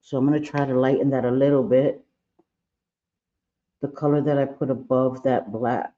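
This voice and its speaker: A man's voice: mid-range voice, level tone, normal speed, warm tone, lo-fi sound. A man hosting a casual makeup tutorial livestream, chatting playfully and scolding his own eye and brush aloud as he works. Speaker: makeup vlogger.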